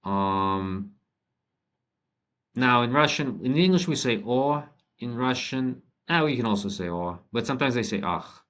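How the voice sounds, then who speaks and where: A man teaching a language lesson, thinking aloud with frequent ums and restarts and reading model sentences slowly. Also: medium pitch, expressive, fairly bright tone. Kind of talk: relaxed spoken lesson.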